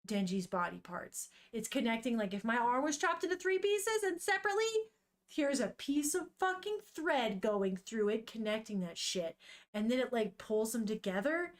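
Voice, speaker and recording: Animated, swearing woman streamer. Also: a little high. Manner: animated, swears freely, thinks aloud. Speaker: streamer reading manga. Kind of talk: casual chat.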